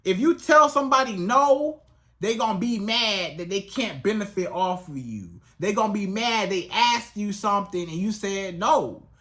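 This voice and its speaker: A relationship coach speaks straight to the viewer in a casual advice vlog. The voice is bright and clear, and the delivery is animated and colloquial. The coach often slips into acting out both sides of a conversation. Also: mid-range voice, normal speed. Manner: animated, colloquial, acts out dialogues.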